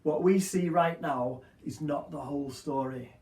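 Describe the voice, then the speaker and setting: A man's voice: fairly high pitch, a little slow, a little mellow, roomy sound, recorded from a distance. A man preaching an Easter sermon with earnest, rhythmic repeated phrases. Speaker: pastor.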